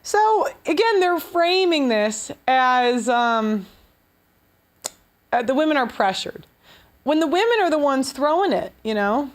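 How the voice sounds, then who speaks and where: A woman's voice: sits high, big pitch swings, measured pace. A woman hosting a show, giving blunt, sarcastic and profane reaction commentary on clips. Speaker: show host.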